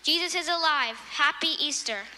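A woman narrating a Bible story for children in a simple, clear storytelling manner. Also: sits high, normal speed, big-room sound, very noisy. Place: church.

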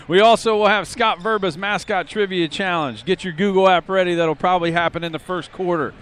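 A playful man with a higher-pitched voice co-hosts a fan sports podcast. He lays out the show lineup in casual pregame banter and keeps slipping in wisecracks. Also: fairly even intonation, fairly bright tone, clear, resonant tone. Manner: joking, playful, quick with wisecracks.

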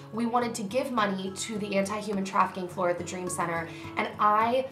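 A woman's voice: medium pitch, fairly bright tone. Earnest woman vlogger in an echoey room. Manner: earnest, emotional, choked up near the end. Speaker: YouTube vlogger. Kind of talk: heartfelt direct-to-camera talk. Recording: echoey room with faint music.

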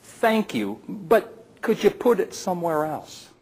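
A man's voice: high-pitched, sing-song, slow, a little mellow, slightly rough, pitched above the performer's own voice, exaggerated voice, rough recording. A man voicing a young male frog who pleads and whines to be made different. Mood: eager. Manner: pleading and whiny. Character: whiny young male frog craving to be special.

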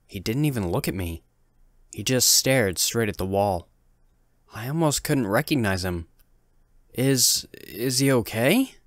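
A man calmly reading a first-person horror story in a measured way. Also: fairly low pitch, no echo, studio quality. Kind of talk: scripted horror narration.

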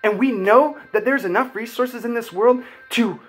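A man's voice: very high voice, normal speed, slightly rough, soft background music. A young man vlogging, telling a personal story in an earnest, heartfelt, rambling way full of "like" fillers. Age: young adult.

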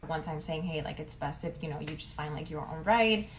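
Young woman rambling through a story, lotta "like", kinda low voice. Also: a little fast, a little hiss or hum. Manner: chatty, lots of "like", dramatic retelling. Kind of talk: casual storytelling.

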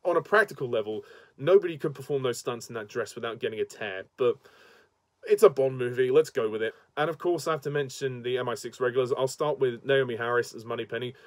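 A man's voice: medium pitch, quick pace, no echo. A man giving a casual, enthusiastic spoken movie review, chatty and laughing often. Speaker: film reviewer.

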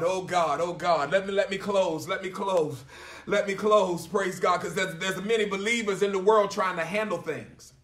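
A man, preaching a sermon as pastor in a church, emphatic and repetitive, punctuating lines with "praise God" and building to shouts. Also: high-pitched, roomy sound, recorded from a distance. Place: church sanctuary.

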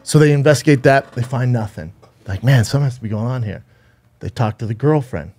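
A man co-hosting a podcast retells a story in loose, casual chat. His tone is warm and mellow. He swears freely and keeps restarting his sentences as he rambles along. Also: mid-range voice, expressive, quick pace. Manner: rambling, profane, with frequent restarts. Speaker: podcast co-host.

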